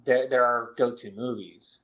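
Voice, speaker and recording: A man's voice: mid-range voice, fairly even intonation, a bit bright. Rambling man co-hosting a podcast. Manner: rambling, halting retelling of film scenes. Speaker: podcast co-host reviewing horror films. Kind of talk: casual chat.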